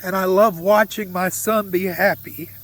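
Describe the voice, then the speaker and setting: Earnest high-voiced man, slow storytelling. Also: steady tone, a bit bright. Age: adult with a young son. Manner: earnest, heartfelt, emotional. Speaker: vlogger sharing a faith testimony. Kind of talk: personal storytelling.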